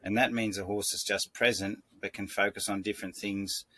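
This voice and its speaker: A man with a low voice that stays flat and even, walking through horse-training ideas in a calm, measured way. He circles back and restarts his sentences as he explains. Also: dry recording. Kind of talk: instructional talk.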